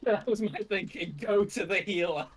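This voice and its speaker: A man playing a tabletop game, blunt and quick to swear. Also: high-pitched, a bit bright. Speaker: player. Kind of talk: casual tabletop game chat.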